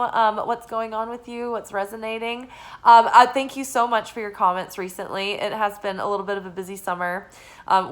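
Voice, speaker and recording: A young adult woman giving a casual weekly oracle card forecast, talking in a relaxed, meandering way with lots of fillers. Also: medium pitch, rough recording. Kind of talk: casual spiritual forecast chat.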